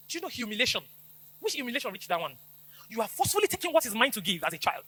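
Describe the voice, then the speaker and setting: Fast, animated Nigerian woman police officer. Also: on the high side, breathy edge. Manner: emphatic, preachy, repeats slogans for the crowd to echo. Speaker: police officer giving a school talk. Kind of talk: public talk to schoolchildren, call-and-response.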